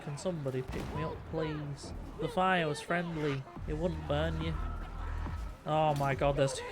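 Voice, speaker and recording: A man's voice: a little high, fairly even intonation. Chatty swearing gamer man over game music. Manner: swears freely, chatty and quick to laugh. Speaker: streamer. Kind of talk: casual gaming chat.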